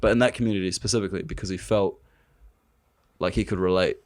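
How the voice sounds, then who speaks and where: A young man, a podcast guest, telling animated stories and laughing as he talks. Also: sits low, fast. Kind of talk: casual storytelling.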